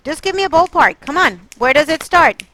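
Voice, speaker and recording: A woman teaching a math class, quizzing and coaxing her students toward the answer. Her voice sits high and sounds bright. She keeps the questions coming. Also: expressive, fairly quick, dry recording, low-quality recording. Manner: coaxing, quizzing students, exasperated then apologetic. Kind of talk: classroom lesson.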